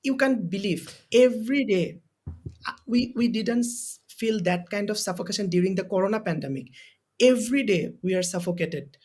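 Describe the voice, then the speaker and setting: A man's voice: high voice, normal speed, darkish tone. A young man from Bangladesh with a Bangladeshi accent, a university student guest on a podcast interview, speaking in an impassioned, emotional way and repeating phrases for emphasis. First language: Bengali. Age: young adult.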